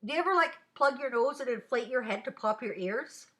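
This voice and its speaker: Giggly young woman rambling on her live stream from home, high voice, chatty. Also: animated, fairly quick, a bit bright. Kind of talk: casual live stream chat.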